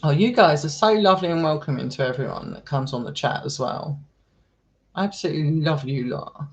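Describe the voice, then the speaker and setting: A man's voice: fairly high pitch, animated, a little fast. A man chatting casually with his live stream viewers, affectionate and talkative, calling people darling and sweetheart. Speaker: live streamer and paranormal explorer.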